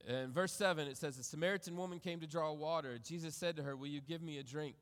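A pastor preaching a sermon reads scripture aloud and reflects on it in a measured way, his phrases trailing off softly at the ends. His voice is a little high, and the sound carries the echo of a big room.

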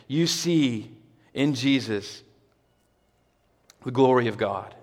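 A man's voice: mid-range voice, expressive, takes it slowly, long pauses, big-room sound. A male pastor preaching a sermon to his congregation, talking conversationally and building to emphatic, repeated exclamations. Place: church hall with a congregation.

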